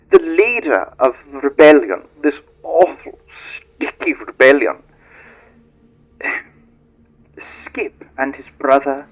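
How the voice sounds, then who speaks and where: A man doing a pompous tyrant rat lord, high lilting voice, slow drawn-out delivery, tinny muffled speaker sound, menacing. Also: fairly bright tone, exaggerated voice. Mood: gloating. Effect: tinny muffled speaker pipes.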